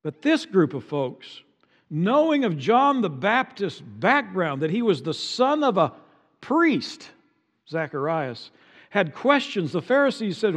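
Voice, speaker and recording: A man's voice: high-pitched, big pitch swings. Preaching man in a reverberant hall. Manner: dramatic, rises loud and slow for quoted lines. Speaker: pastor. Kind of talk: sermon.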